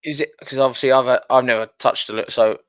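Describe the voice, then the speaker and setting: A man's voice: mid-range voice, steady tone, quick pace, smooth, no room sound. A man from England, hosting a podcast and chatting casually, with lots of restarts. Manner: rambling, stumbles and restarts often. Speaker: podcast host. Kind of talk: casual interview chat.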